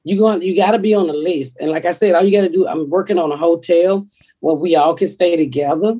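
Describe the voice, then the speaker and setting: Husky, blunt woman host. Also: fairly low pitch, a little fast, warm tone. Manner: blunt, profane, rambling. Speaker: comedian podcast host. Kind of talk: casual podcast chat.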